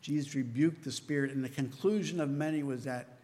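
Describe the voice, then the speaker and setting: A man's voice: mid-range voice, a little fast, a little mellow. Preaching man in a reverberant church. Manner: earnest, conversational preaching with frequent "right?" asides. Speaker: pastor. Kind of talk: sermon.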